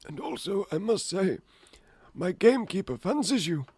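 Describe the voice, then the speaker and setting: A man's voice: high voice, very animated, moderate pace, a little mellow, slightly rough, dry recording, pitched above the performer's own voice, heavily acted. A man voicing a scheming male headmaster speaking in a mock-formal, conspiratorial way.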